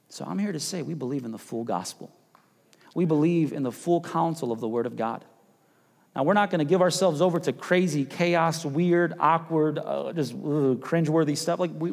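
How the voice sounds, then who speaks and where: A man preaching a sermon as pastor, chatty and casual, rising to loud urgent passages and dropping to hushed near-whispers. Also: a little high, a little fast, vocal fry. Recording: long hall reverb.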